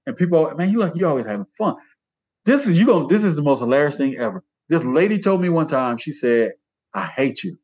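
A man in his fifties, an artist guest, telling stories in casual conversation, animated, laughing often and pitching his voice up high when he quotes people. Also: fast. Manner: plain informal speech with dropped verbs.

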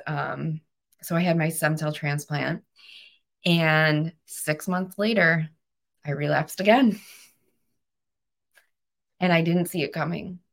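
A woman in her thirties, a podcast guest, telling a personal story in an earnest, emotional way. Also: low-pitched. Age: 30s. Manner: emotional, earnest, animated retelling.

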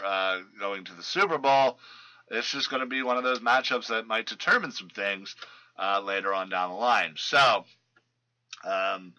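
A man's voice: mid-range voice, sharp tone, low-quality recording. Chatty man rambling through football news. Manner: loose and rambling, many fillers and restarts. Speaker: fantasy football podcast host. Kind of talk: casual sports news chat.

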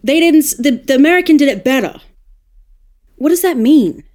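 Australian woman, narrator guest on a panel, fairly high voice, thinks aloud and warms up as she argues. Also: normal speed. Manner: thoughtful, animated when making a point. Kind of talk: casual roundtable discussion.

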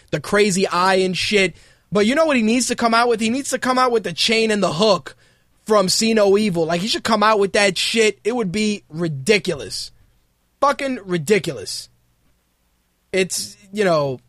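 A man with a high voice runs his own talk show, riffing in a loose, mocking rant peppered with profanity. The sound is dry and close, with little room around it. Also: no room sound. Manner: profane, mocking rants, animated. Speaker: podcast host. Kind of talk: casual wrestling commentary.

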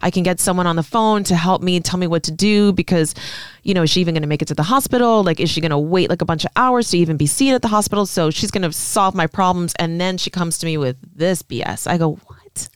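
A woman talks into a studio mic in a relaxed podcast chat, telling an emotional story and playing out what others said. Her voice is smooth and clear, and the recording is close and dry. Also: fairly low pitch, quick pace, no room sound. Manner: emotional storytelling, acts out quoted lines. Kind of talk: casual podcast conversation.

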